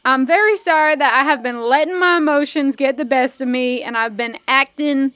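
A woman's voice: sits high, normal speed, a bit bright, no echo. A woman playing a druid character who rallies her people in a folksy, earnest speech. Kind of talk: tabletop role-play.

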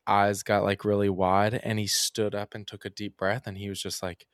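A young Kentucky musician, guesting on a podcast, tells rambling stories into a dry close mic with no room sound. His voice sits lowish with little pitch movement, at a moderate pace, peppered with "like" and "um."

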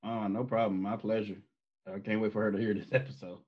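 A man's voice: on the low side, flat delivery, fast talker. A man guest on a podcast, telling a family story in a loose, rambling way full of fillers. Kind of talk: casual storytelling. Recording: muffled, husky-sounding audio.

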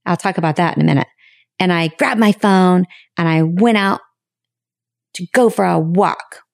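A woman hosting a podcast, talking in a frank, reflective way with sudden high bursts of emphasis and some casual swearing. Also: creaky, no echo, clean studio sound. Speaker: podcast host. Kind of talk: candid podcast monologue.

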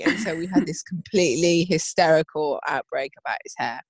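Low-pitched and brisk, with a breathy edge, a woman chats about her family, lively as she voices different people and breaks into laughter. No echo is present.

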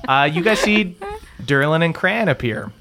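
A man running a tabletop game as game master, narrating in a relaxed way with many fillers. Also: a little high, normal speed, noisy background.

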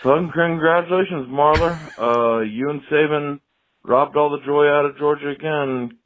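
A man's voice: on the high side, steady tone, moderate pace, a little hiss or hum. Rambling man on a tinny phone line. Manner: rambling, swearing, self-pitying. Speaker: caller. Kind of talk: voicemail rant.

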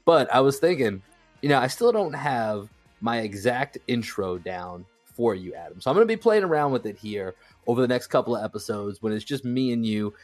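A man hosting a sports podcast in casual, slangy, energetic chat, laughing often. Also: mid-range voice, fairly quick, dry recording, soft background music. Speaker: podcast host.

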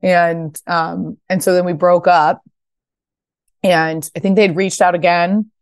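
A woman in her thirties, a fashion founder guesting on a podcast, telling stories casually and acting out quotes with bursts of high voices. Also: steady tone, slow, clear, resonant tone, no echo. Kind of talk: casual interview storytelling.

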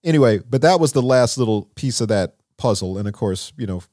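A man telling stories as an interview guest in a recording studio, animated and acting out what people said. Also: a little fast, dry recording. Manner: animated, acts out quotes with lively pitch. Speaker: songwriter and producer, interview guest. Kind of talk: conversational storytelling.

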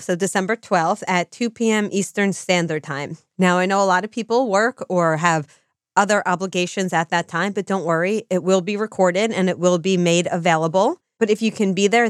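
A woman with a lowish voice co-hosts a true-crime podcast in casual chat. She explains things in a measured way. The sound is dry and close. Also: no echo. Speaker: podcast co-host.

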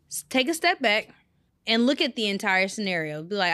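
Co-host, young woman; blunt, laughs easily, lively high voice, dry close mic. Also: normal speed, dry recording. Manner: laughs often, gives blunt advice. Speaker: podcast co-host. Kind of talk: casual chat.

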